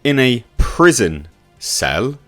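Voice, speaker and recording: A man rants through a film review, exasperated and swearing freely as he rambles and restarts his sentences. His pitch swings widely and lively across every phrase, with faint music playing behind him. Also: takes it slowly. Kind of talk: casual video review rant.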